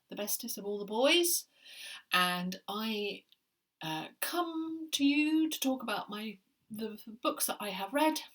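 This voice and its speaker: A woman's voice: medium pitch, a bit bright, far from the mic. A middle-aged woman chatting playfully about books to camera at home, her voice slightly chesty and catching now and then. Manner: chatty, playful and self-mocking, rambling asides. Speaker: book vlogger. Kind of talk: casual chat to camera.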